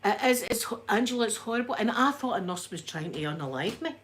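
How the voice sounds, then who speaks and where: A woman with a Glaswegian accent chatting to live viewers in an animated way, a little breathless as she recovers from illness. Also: fairly high pitch, fast talker. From Scotland. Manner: chatty, animated storyteller, reads out chat names. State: a bit breathless after illness. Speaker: livestream host. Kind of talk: casual chat with live viewers.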